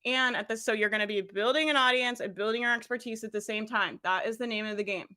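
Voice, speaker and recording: Energetic woman coach, bright voice pitched a touch high, talks straight to her audience with frequent laughs. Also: quick pace. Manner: energetic, laughs often, addresses listeners directly. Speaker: business coach. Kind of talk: motivational coaching talk.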